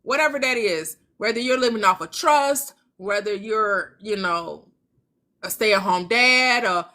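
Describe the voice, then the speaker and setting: A woman's voice: medium pitch, unhurried, pushed and bright. A woman hosting a casual motivational talk, chatting and acting out imagined conversations. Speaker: manifestation channel host.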